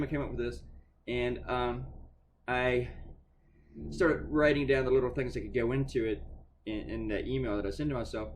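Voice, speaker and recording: A man's voice: mid-range voice, a little hiss or hum. A man talking casually while he works, chatty and sarcastic, swearing freely and often restarting his sentences. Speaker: cartoonist talking while drawing. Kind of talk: casual rambling monologue.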